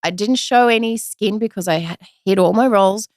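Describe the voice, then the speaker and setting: A woman in her thirties telling a personal story in a casual interview, chatty and animated, acting out the voices of the people she quotes. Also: mid-range voice, moderate pace, no room sound, clean studio sound. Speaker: podcast guest, usual host.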